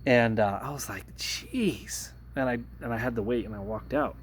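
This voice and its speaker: Fairly quick and earnest, this man hesitates and restarts again and again while telling a personal story to a phone camera in a casual vlog. There is a little hiss or hum. His pitch climbs as he retells the confrontation; he is a workplace de-escalator.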